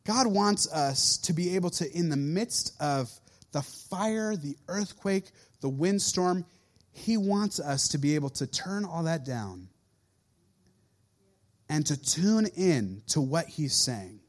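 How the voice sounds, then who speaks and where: A man in his thirties, a youth pastor preaching a sermon in an animated way and acting out quoted voices. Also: on the high side, takes it slowly.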